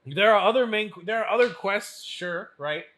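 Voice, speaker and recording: A man co-hosting a casual podcast chat, animated and laughing often as he acts out what others say. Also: high voice, normal speed. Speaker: podcast co-host.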